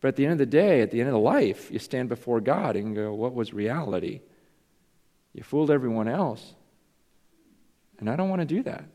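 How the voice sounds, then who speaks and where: A man's voice: mid-range voice, lively intonation, a little fast, pauses often, dark tone. A man preaching a sermon as pastor, earnest and confessional, questioning himself aloud. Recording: long reverb in a large hall.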